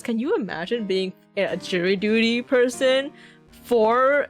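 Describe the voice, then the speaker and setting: A woman streamer chatting casually as she plays, animated and swearing freely. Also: fairly high pitch, a little slow, soft background music. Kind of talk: casual game commentary.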